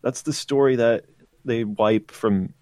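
A man's voice: mid-range voice, takes it slowly, mellow, no room sound. A man co-hosting a podcast who rambles loosely with fillers and swearing. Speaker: podcast co-host. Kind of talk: casual podcast chat.

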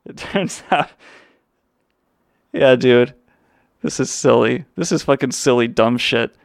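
A man's voice: medium pitch, slow, gravelly, dry recording, clean studio sound. A man hosting a livestream, rambling in a crude, sarcastic way. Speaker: podcast host. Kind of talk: casual profane livestream chat.

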